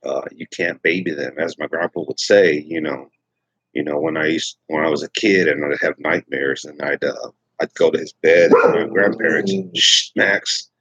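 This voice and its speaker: A man's voice: very deep voice, fairly even intonation, normal speed, slightly rough, no echo, lo-fi sound. A middle-aged man from Texas hosting a casual morning livestream, rambling with many fillers and restarts. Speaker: livestream host.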